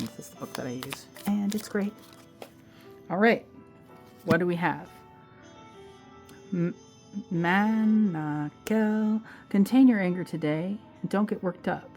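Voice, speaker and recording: A woman giving a casual pick-a-card tarot reading, chatting directly to her viewers and calling them babe. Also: low-pitched. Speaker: tarot reader.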